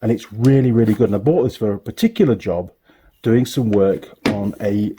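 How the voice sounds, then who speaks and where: Over music, a middle-aged man from the UK talks at a normal speed in a fairly low voice. As a mechanic who makes workshop videos for YouTube, he chats casually while showing off his home workshop tools, wandering off topic and correcting himself.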